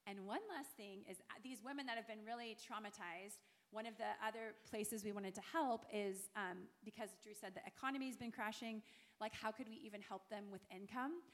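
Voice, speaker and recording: A middle-aged woman, a guest missionary, tells a heartfelt story to a church gathering in a medium-pitched voice at a slightly fast pace. Her testimony is earnest and packed with fillers.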